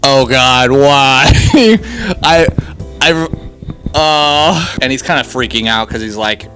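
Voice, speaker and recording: A young man casually reviewing an anime series, slangy and excitable, laughing often. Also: mid-range voice, slow, faint music behind.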